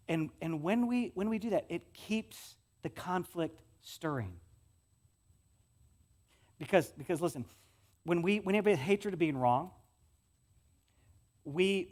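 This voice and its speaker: A male pastor with a West Michigan accent, preaching a sermon in a conversational way, often repeating words and moving between loud stretches and soft ones. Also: sits high.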